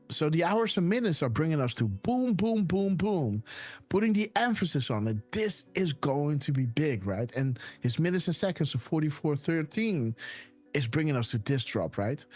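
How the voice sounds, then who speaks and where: A man hosting a casual live stream, talking excitedly and tossing "right?" and "guys" into nearly every sentence. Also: a little high. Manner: excited whoops and laughs. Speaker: host. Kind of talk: casual livestream commentary.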